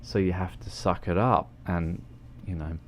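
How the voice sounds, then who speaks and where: A man's voice: low-pitched, steady tone, measured pace, slight background noise. A man chatting casually on a game livestream, rambling with many fillers and restarts and joking at his own expense. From New Zealand. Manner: self-deprecating, joking. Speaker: game streamer. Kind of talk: casual livestream chat while driving in a game.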